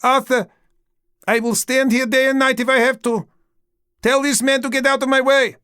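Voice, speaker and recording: A man voicing a queen who demands entry in a high, urgent, imperious way. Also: moderate pace, fairly bright tone. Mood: pleading. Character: distressed queen demanding entry, commanding woman.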